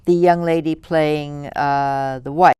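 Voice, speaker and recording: A woman theatre critic chatting about a show, halting and searching for her words. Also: deep voice, fairly even intonation. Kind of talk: casual review chat.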